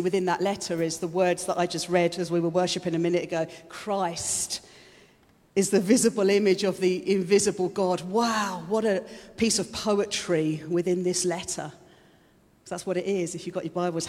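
A woman's voice: lowish voice, steady tone, brisk, darkish tone. A woman giving a chatty, conversational sermon, openly emotional and laughing often. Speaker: preacher. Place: church hall. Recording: long hall reverb.

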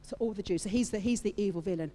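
A woman's voice: mid-range voice, very fast, warm tone. A woman preaching a sermon, retelling a story with playful asides to her congregation. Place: church hall with audience. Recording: long reverb of a large hall.

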